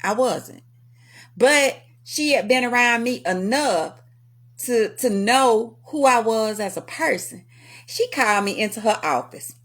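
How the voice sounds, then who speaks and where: Lively woman telling stories. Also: a little high, unhurried. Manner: animated, laughs often, talks to viewers. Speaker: vlog host. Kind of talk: casual storytelling commentary.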